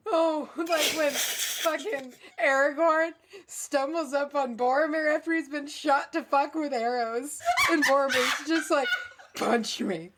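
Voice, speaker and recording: A woman's voice: high voice, fairly even intonation, a little slow, background noise. A woman co-hosting a podcast, reading a listener's eerie story aloud and then chatting and joking with her co-host. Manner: jokey, laughs often.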